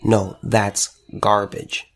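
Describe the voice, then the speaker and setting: A man's voice: on the low side, level tone, extremely slow. A man who runs a store, delivering an impassioned monologue to camera, emphatic and repeating phrases for stress. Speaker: store owner.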